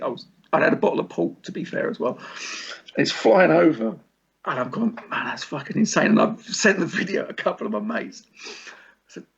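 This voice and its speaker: A man's voice: a little high, creaky, husky. A man and musician guest chatting casually on a podcast, laid-back, swearing freely and laughing often. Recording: dull lo-fi recording.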